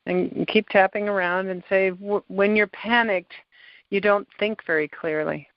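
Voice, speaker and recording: A woman gently leads a tapping session, giving calm, step-by-step prompts at a middling pitch. Her voice is dry and close. The recording is dull and lo-fi. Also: normal speed, dry recording. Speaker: tapping practitioner and podcast host. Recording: dull, lo-fi sound.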